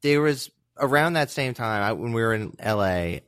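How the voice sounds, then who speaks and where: A man in casual conversation, telling a story hesitantly with many fillers and pauses. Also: mid-range voice, expressive, a bit bright, smooth, dry recording, clean studio sound. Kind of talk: casual chat.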